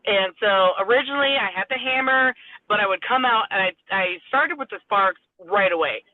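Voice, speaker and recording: A woman's voice: medium pitch, a little fast, dry recording. Woman wrestler rambling through a story, does little voices for people, sounds like a phone line, super dry. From Southern California. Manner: rambling, acts out quoted dialogue, laughs often. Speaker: pro wrestler guest. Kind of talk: casual interview storytelling.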